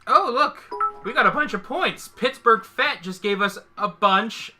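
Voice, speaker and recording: Man, stream co-host, rambly joker, tense bright tone, slightly high pitch. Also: lively intonation, unhurried, faint music behind. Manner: rambling, joking, trails off mid-sentence. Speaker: co-host of a livestream. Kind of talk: casual chat while painting miniatures. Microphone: one shared microphone between two hosts.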